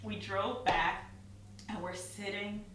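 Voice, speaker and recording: Animated woman telling a faith story. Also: mid-range voice, slow pace, heavy reverb, recorded from a distance, a little hiss or hum. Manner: animated storyteller, laughing and acting out quotes. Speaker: guest. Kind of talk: testimony in casual chat.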